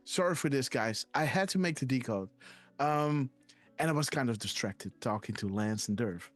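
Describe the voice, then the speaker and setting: A man's voice: mid-range voice, lively intonation, moderate pace, faint music behind. Chatty male livestream host. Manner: chatty, repeats "guys" often. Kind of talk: casual livestream chat.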